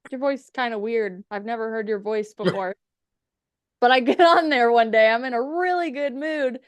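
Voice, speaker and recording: A woman's voice: a little high, brisk, smooth, dry recording, dull audio. A woman chatting as a podcast guest, telling stories casually, swearing freely and acting out the quotes. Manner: chatty, profane, acts out quotes. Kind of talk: casual storytelling.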